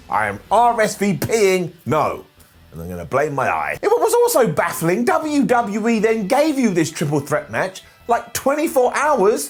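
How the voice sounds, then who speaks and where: Animated, sarcastic man recapping wrestling. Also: high-pitched. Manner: sarcastic, jokey, animated, with silly put-on voices. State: nursing a scratched eye. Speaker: wrestling show recap host. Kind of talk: comedic video recap.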